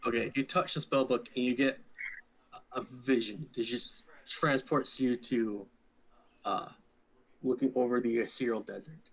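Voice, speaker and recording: A man narrating a tabletop role-playing game as dungeon master, describing scenes slowly with frequent fillers. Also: mid-range voice, poor audio. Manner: slow, relaxed narration with fillers.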